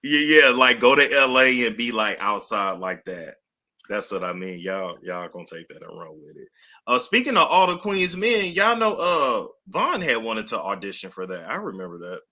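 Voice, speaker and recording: Man co-host, low voice with a very bright edge, slangy and relaxed. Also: normal speed. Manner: laid-back, slangy, chatty. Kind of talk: casual chat.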